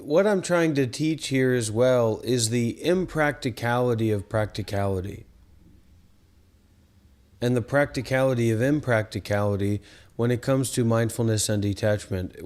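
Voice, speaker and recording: A man's voice: mid-range voice, normal speed, a little mellow. A man hosting a meditation livestream who talks in a rambling, exasperated way and keeps asking rhetorical questions. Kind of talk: casual livestream talk.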